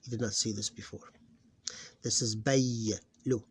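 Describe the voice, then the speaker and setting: A man teaching Arabic phonics in a recorded lesson. He talks slowly and patiently and calls out syllables loudly, one at a time. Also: lowish voice, fairly even intonation, breathy edge. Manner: slow and patient, sounding out syllables loudly and stressing each one.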